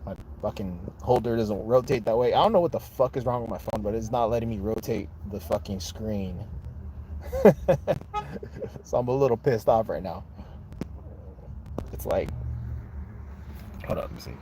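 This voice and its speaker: A man's voice: lowish voice, moderate pace, pauses often, mellow, slight background noise. A man hosting a casual live chat from his phone, talking straight to his viewers with a lot of swearing. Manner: profane, frustrated then hyped, addresses viewers directly. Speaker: livestream host. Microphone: phone held in hand.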